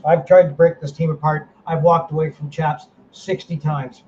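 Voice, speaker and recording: A middle-aged man in a podcast chat whose fairly high voice swings around, ranting with heat and swearing freely. The sound is slightly dull, with a faint hiss behind it. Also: little pitch movement, moderate pace, darkish tone. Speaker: paranormal team director, host.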